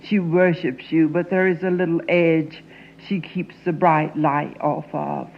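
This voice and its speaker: A woman performing a dramatic monologue as an anguished young Southern woman confronting her father, intense and often sinking into a hushed whisper. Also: low-pitched, fairly even intonation, measured pace, vocal fry, lo-fi sound, a little hiss or hum. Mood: anguished pleading.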